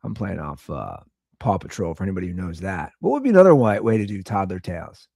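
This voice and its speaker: Man in his thirties, exasperated rambling storyteller, lively swooping pitch, dry close sound. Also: fast, creaky, breathy edge, no echo. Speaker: podcast host; father of two young girls. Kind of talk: casual storytelling monologue.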